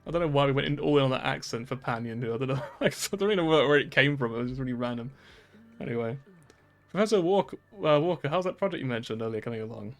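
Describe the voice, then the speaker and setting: A man's voice: mid-range voice, animated, fast talker, faint music behind. Chatty laughing male game streamer. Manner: chatty, laughs often, swears casually. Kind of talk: casual gameplay commentary.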